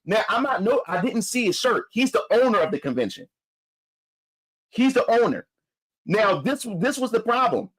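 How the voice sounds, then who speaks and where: A man's voice: high voice, big pitch swings, moderate pace, fairly bright tone, husky, poor audio. A man from Philadelphia telling a story in a heated, profane, repetitive rant. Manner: heated, profane, repeats himself. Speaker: vlogger.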